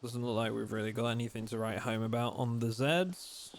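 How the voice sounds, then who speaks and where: A young man chatting casually while streaming a survival game, reading chat aloud and thinking out loud. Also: medium pitch, steady tone, a little fast. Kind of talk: casual live-stream commentary.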